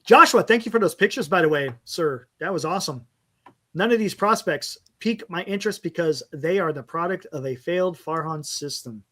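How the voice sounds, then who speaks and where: A man's voice: on the high side, animated, fairly quick, fairly bright tone. A man hosting a casual postgame fan talk show, frank and rambling, stumbling over player names as he reads stats. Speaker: fan podcast host.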